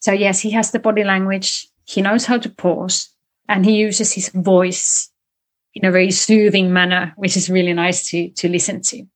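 Woman explaining speaking skills on a call, chatty and animated, shows the tones as she goes. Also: medium pitch, normal speed. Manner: animated, explains with spoken demonstrations. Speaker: communication coach guest. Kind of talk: conversational interview explanation.

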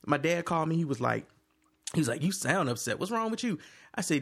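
A man in casual chat with friends, telling stories in an animated, profane way. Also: on the high side, brisk, slightly rough.

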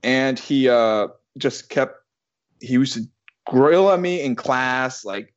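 In a slow, mid-range voice, a man in his thirties tells a personal story casually, rambling, restarting often and swearing now and then. The recording has its highs cut off.

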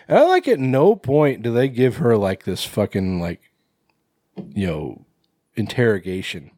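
A man's voice: mid-range voice, big pitch swings, moderate pace, dark tone, dry recording, studio quality. A man co-hosting a podcast, recapping a horror film in loose casual chat, rambling with lots of fillers and swearing. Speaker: podcast co-host.

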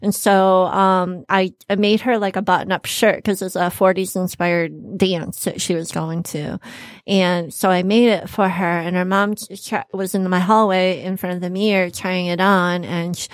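A woman's voice: on the low side, moderate pace, no room sound, clean studio sound. A woman fashion designer, a guest on a casual podcast interview, telling stories in a chatty way. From Michigan. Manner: chatty storytelling, animated when quoting people.

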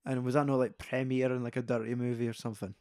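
A man's voice: medium pitch, level tone, quick pace, a little mellow, dry recording, studio quality. A Scottish man chatting casually about a film, retelling scenes with lots of swearing and putting on the characters' voices.

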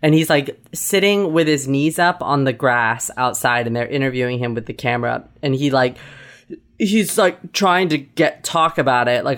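A woman co-hosting a casual podcast, chatting and retelling scenes in an animated way. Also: very deep voice, normal speed. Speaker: podcast co-host. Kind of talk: casual chat.

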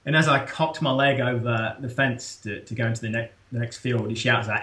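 A British man tells a story as an interview guest, animated and quick to laugh. His voice sits at a middle pitch. The sound carries a roomy echo. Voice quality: animated, laughing often, restarts. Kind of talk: casual storytelling.

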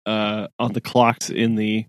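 A man's voice: lowish voice, completely flat delivery, slow pace, dry recording. A man co-hosting a podcast, chatting casually with short supportive reactions and jokes. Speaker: podcast co-host. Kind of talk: casual chat.

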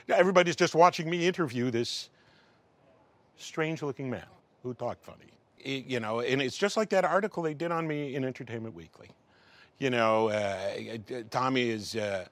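A film professional in middle age, interviewed as a guest, speaks fairly quickly in a mid-range voice with no room sound. His storytelling is wry and animated, complete with acted-out dialogue.

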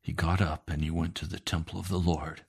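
A man's voice: low voice, flat delivery, a little fast, vocal fry, slightly rough. A man preaching a sermon, emphatic and repeating phrases for weight.

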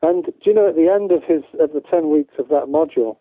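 A man's voice: fairly high pitch, quick pace, no room sound. A man from the UK, a guest educator in a casual interview, talking in a rambling way with many restarts. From United Kingdom. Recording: tinny phone-line audio, dry.

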